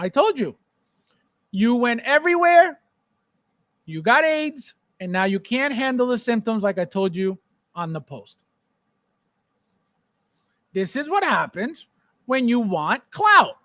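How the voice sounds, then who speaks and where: A man's voice: extremely high pitch, sharp tone, dry recording. A man hosting a casual collectibles livestream, joking and teasing viewers by name. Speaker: podcast host.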